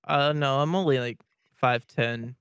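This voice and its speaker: A young man from Saskatchewan in Canada hosting a casual podcast chat, halting and full of fillers, often laughing. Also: medium pitch, fairly bright tone, clear, resonant tone, dry recording, clean studio sound. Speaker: podcast host. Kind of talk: casual podcast chat over video call.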